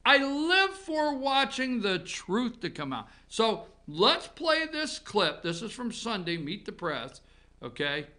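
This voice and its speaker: A man's voice: sits high, takes it slowly. A man hosting a political opinion show, ranting with heavy repetition. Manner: animated, ranting, repeats himself. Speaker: talk show host.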